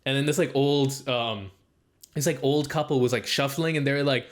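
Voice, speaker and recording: A young man co-hosting a casual podcast, telling a long story full of "like" and acting out what people said. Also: moderate pace. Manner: rambling storytelling, heavy use of "like"; acts out quoted speech with raised pitch. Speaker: podcast co-host. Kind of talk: casual chat.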